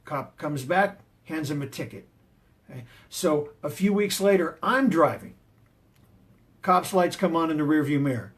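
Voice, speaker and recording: Emphatic motivational man, slightly high voice. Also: moderate pace. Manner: emphatic and punchy, drives points home; tells personal stories to make points. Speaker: motivational speaker and martial arts teacher. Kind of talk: motivational talk.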